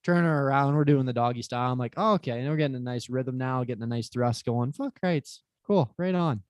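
A man's voice: mid-range voice, fast, no room sound. A man telling a profane story, dry close mic. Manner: animated, profane, acts out quotes. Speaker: podcast guest. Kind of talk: casual storytelling chat.

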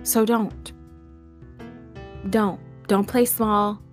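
A woman's voice: mid-range voice, steady tone, very slow, soft background music. A woman hosting a motivational podcast monologue. She talks emphatically and repeats herself, piling up words and laughing between lines. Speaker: podcast host.

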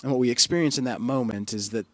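A male pastor giving a sermon in an earnest, reflective way, often trailing off softly. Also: mid-range voice, dry recording. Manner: earnest, reflective, with soft dropping pauses.

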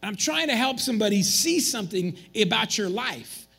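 A man preaching a sermon as pastor, animated and joking with the congregation in a church. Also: high voice, moderate pace, gravelly, slightly rough.

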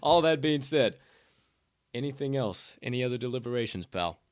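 A man's voice: medium pitch, lively intonation, moderate pace, no echo. A man with a Southern accent co-hosting a casual sports betting podcast, loose and profane, with hyped sign-offs. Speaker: podcast co-host.

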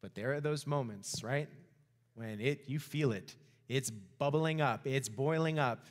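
A man preaching a sermon as pastor, animated, acting out the voices of the story. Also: mid-range voice, unhurried. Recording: reverberant hall.

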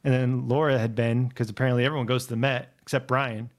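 A man co-hosts a podcast in a loose, rambling way. His stories wander and he leans on filler words and casual swearing. His pitch sits in an ordinary middle range for a man. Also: flat delivery, fast talker. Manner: rambling, laid-back storytelling with frequent "like" and profanity. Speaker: podcast co-host. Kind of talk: casual chat.

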